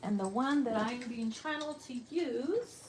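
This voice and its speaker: A woman's voice: on the high side, expressive, normal speed, darkish tone, slight background noise. Brash, profane woman reading tarot cards. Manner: brash, profane, theatrical, laughs often. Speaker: tarot reader.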